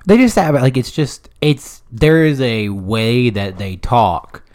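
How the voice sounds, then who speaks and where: A man's voice: mid-range voice, a little slow, a little mellow. A young man from South Carolina co-hosting a podcast in casual chat, laid-back and laughing often. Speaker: podcast co-host.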